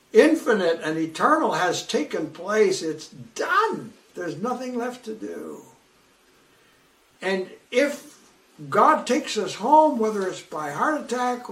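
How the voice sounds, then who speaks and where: A man's voice: high-pitched, fairly bright tone, roomy sound, distant mic. A male preacher giving a fervent, emphatic sermon, repeating phrases for weight.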